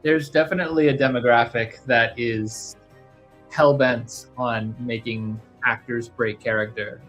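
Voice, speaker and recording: A man's voice: medium pitch, fairly even intonation, unhurried, fairly bright tone, faint music behind. Chatty man telling a story. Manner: chatty, self-deprecating storytelling. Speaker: livestream co-host. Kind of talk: casual livestream chat.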